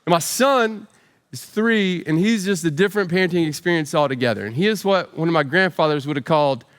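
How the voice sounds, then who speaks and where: A man in his forties, a pastor preaching a storytelling sermon with self-deprecating humor and animated voices for quotes. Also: on the high side, fairly quick, clean tone, big-room sound. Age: 40s.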